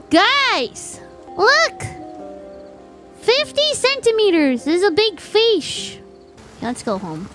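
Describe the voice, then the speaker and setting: A woman streamer chatting casually while she plays a game, excitable and quick to gasp and squeal. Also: very high-pitched. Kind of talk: casual gameplay chat. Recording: game music behind.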